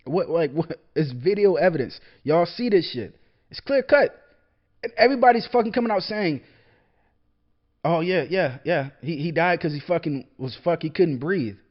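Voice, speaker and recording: A young man holds forth alone in a casual monologue, his voice high and swinging widely in pitch. He swears freely and trips over repeated words as he gets fired up. The recording is dull and lo-fi. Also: animated, moderate pace. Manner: heated, profane, repeats words when worked up. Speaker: podcast host, military veteran. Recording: dull lo-fi sound.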